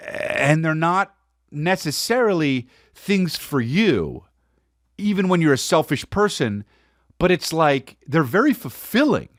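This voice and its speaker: A man's voice: on the high side, a bit bright, no room sound, clean studio sound. A man hosting a podcast, telling a casual comic story in a rambling way with stammered restarts and crude words. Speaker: podcast host.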